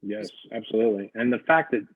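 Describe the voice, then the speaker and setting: A man's voice: lowish voice, brisk, slightly rough, no room sound. A man in a casual book club discussion who replies in an agreeable, reflective way. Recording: tinny phone-like call audio.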